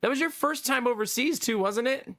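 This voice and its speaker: A man livestreaming and chatting casually with his viewers, laughing often and teasing, his voice gruff from being sick. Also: extremely high pitch, a little fast, sharp tone, dry recording, studio quality.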